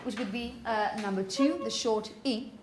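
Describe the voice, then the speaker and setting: A woman teaching a pronunciation class, calling on students and asking "okay?" often, and repeating words slowly. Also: fairly high pitch, a little hiss or hum. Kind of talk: classroom phonetics lesson.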